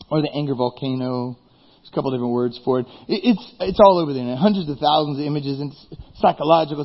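A man preaching a sermon as pastor, animated, firing rhetorical questions and then dropping suddenly quiet. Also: sits high, breathy edge. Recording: dull reverberant hall recording.

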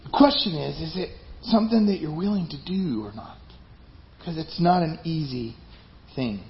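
A man's voice: on the high side, animated, normal speed, slight background noise. A man preaching a sermon as pastor, emphatic and conversational. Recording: dull lo-fi recording.

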